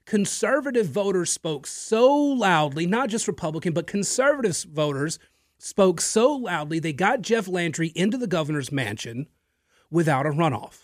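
His voice sits high and very animated as this radio host moves at a moderate pace through an opinionated, emphatic political monologue aimed at his listeners. Occasional fillers and repeated words appear. The studio microphone gives a clean sound with no echo.

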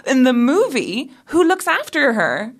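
A woman's voice: sits high, big pitch swings, a little slow. Chatty woman podcast host. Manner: chatty, laughs often, frequent fillers like "like". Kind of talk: casual conversational interview.

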